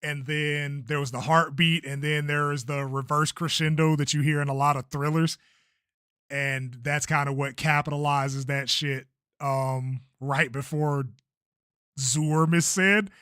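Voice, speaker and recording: A man's voice: on the high side, steady tone, unhurried, pushed and bright, clean tone, no room sound, clean studio sound. A young man chatting casually on a livestream about his own video, laid-back and swearing freely. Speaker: streamer and creator.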